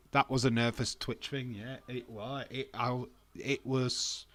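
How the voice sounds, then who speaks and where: A man's voice: medium pitch, steady tone, slow, fairly bright tone. Rambling man with a stuffy nose. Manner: self-deprecating, rambling, laughs often. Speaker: wrestling streamer. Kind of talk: casual live-stream chat.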